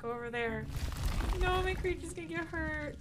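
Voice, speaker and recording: A woman's voice: extremely high pitch, expressive, normal speed, music in the background. A woman streamer giving casual commentary as she plays a game, swearing freely and bursting into laughs and shrieks of surprise.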